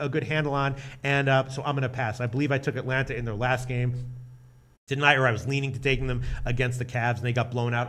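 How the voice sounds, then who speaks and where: A man co-hosting a sports betting show, talking loosely and loudly, swearing often and reading viewer comments aloud with restarts and exclamations. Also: mid-range voice. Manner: loud, profane, rambling, reads viewer comments aloud. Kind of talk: casual sports betting chat.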